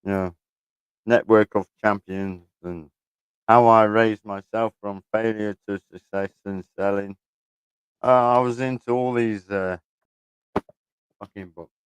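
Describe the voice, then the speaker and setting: Rambling man, low and smooth. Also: steady tone, slow pace, long pauses, dry recording. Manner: rambling, chuckling, swears freely. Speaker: vlogger. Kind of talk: casual chat to camera. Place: room at home, indoors.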